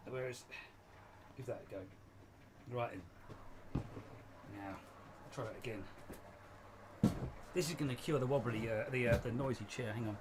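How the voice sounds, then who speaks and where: A man's voice: medium pitch, normal speed, pauses often, heavy background noise. A man hosting a casual live stream from his shed, rambling and chatty, often laughing as he talks. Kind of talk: casual chat. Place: home shed.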